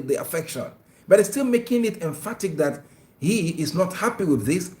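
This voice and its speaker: A man's voice: sits high, very animated, normal speed, a little mellow. A man hosting an Islamic talk show, giving earnest, preachy marriage advice and often stammering on repeated words. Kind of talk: religious advice talk with phone-in. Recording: echoey room.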